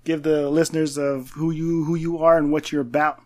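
A man from New Mexico hosts a casual podcast, upbeat and easygoing, stumbling into repeated words now and then. His voice sits a little high. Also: flat delivery, fairly quick, darkish tone. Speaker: podcast host.

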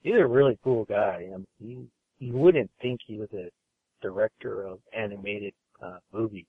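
A man's voice: on the low side, normal speed, breathy edge, no room sound. Easygoing man on a tinny phone line. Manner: rambling, filler-heavy, easygoing. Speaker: podcast guest, animation studio worker. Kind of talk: casual interview chat. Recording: phone-like call audio.

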